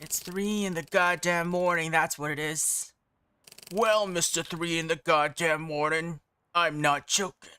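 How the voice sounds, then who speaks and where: A game streamer voicing a grumpy male detective who talks gruffly and sarcastically. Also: mid-range voice, steady tone, a little slow, pushed and bright, no echo.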